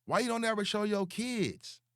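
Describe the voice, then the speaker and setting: A young man, ranting slowly and profanely as he calls someone out online, repeating words for emphasis. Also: sits high, fairly bright tone, clear, resonant tone, dry recording, clean studio sound. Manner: slow, taunting and profane. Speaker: online commentator. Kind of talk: confrontational call-out rant.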